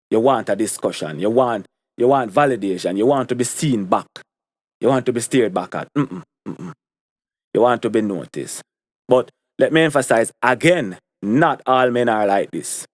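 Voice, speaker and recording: A man's voice: medium pitch, darkish tone, dry recording. A young man with a Jamaican accent giving an opinion monologue to camera, repeating his points for stress. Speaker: commentary vlogger.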